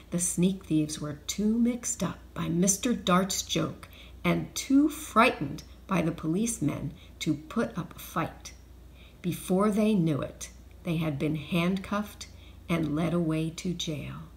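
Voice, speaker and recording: Slow gravelly woman teacher reading aloud. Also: on the low side. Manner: slow, expressive read-aloud with hushed whispers. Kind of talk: reading a children's chapter book aloud.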